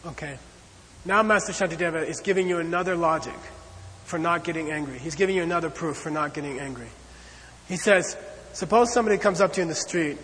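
A man teaching a lecture on Buddhist ideas, talking in an animated, conversational way and checking in often with "okay?" and "you know.". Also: fairly high pitch, quick pace, slight background noise. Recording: long hall reverb.

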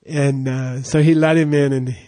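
A man who is a Buddhist monk, telling a teaching story casually, rambling and halting with fillers. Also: medium pitch, level tone, warm tone.

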